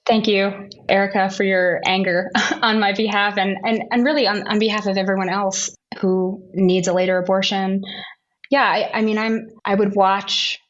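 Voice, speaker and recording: A woman's voice: medium pitch, fairly even intonation, moderate pace, highs cut off. A woman patient advocate giving earnest personal testimony in a panel conversation, often searching for words.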